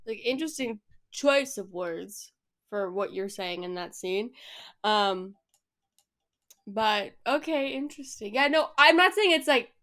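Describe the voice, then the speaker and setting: A woman co-hosting a podcast in casual chat, blunt and animated, swearing freely. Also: fairly high pitch, unhurried. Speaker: podcast co-host.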